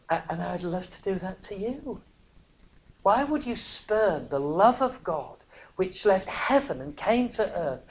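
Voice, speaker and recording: A preacher, giving a sermon that swings from hushed near-whispers to loud, emphatic cries, broken by chatty, self-mocking asides. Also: medium pitch. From northern England.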